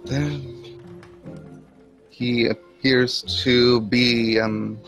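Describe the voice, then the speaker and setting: Slow-talking man describing his character. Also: mid-range voice, fairly even intonation, fairly bright tone, soft background music. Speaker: player.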